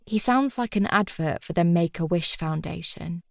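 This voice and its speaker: A woman's voice: lowish voice, normal speed, vocal fry, hardly any pauses, no room sound, clean studio sound. A woman reading a first-person audiobook in a wry, chatty, confiding manner. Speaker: audiobook narrator.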